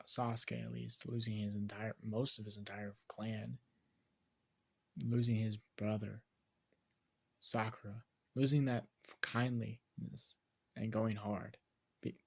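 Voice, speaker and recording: A man's voice: medium pitch, gravelly. A man casually narrating a fan-fiction story, rambling with restarts. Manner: rambling, many fillers and restarts.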